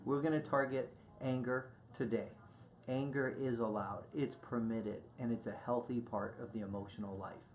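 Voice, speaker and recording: A man's voice: mid-range voice, fairly even intonation, normal speed. Affirming male parenting co-host. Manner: affirming, repeats key points, speaks directly to listeners. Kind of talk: casual educational chat.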